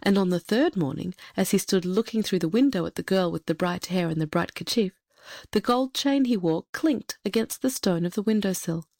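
A woman narrating a fairy tale in a measured, expressive storytelling manner. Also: medium pitch, creaky, dry recording, studio quality.

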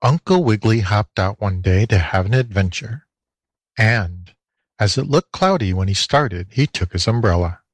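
A man reading a children's storybook aloud, expressive and lilting, into a close mic. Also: lowish voice, normal speed, slightly rough, no echo. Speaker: audiobook reader. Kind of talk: storybook narration.

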